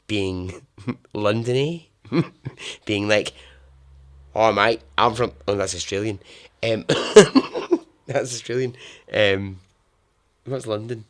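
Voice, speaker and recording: A man hosting a storytelling podcast, narrating dramatically and chattily, giggling at his own asides. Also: lowish voice. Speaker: podcast host.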